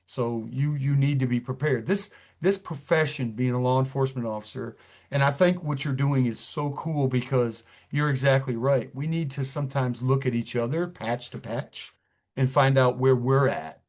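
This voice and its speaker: A man's voice: medium pitch, normal speed, darkish tone. A middle-aged police chief from New York, talking earnestly in an interview and often repeating words as he gathers his thoughts. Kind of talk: interview conversation.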